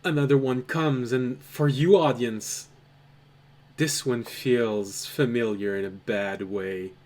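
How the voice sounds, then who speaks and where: A man narrating a tabletop role-playing game as game master, telling the scene in a measured, dramatic way. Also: mid-range voice, steady tone, darkish tone. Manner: slow, measured, dramatic storytelling.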